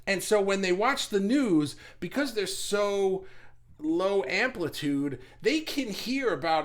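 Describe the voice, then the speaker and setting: A man hosting a casual spiritual talk, rambling and animated, laughing and sighing often. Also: sits high, unhurried. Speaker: spiritual channel host.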